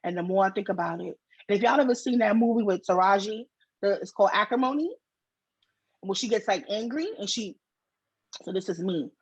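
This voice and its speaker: A middle-aged New woman spins a long story on her podcast, slangy and animated. Her voice is husky, with a dry, close feel. The recording is a little dull and lo-fi. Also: mid-range voice, fairly quick, dry recording. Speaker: podcast co-host. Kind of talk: casual storytelling chat. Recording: dull, slightly lo-fi sound.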